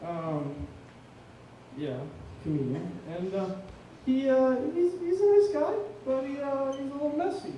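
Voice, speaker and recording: A man doing a stand-up set, telling a story about his girlfriend and roommate with animated, rambling delivery. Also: very high voice, a little slow, a little hiss or hum. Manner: animated storytelling, swings loud for acted quotes. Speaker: comedian. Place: comedy club stage. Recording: echoey room from far off.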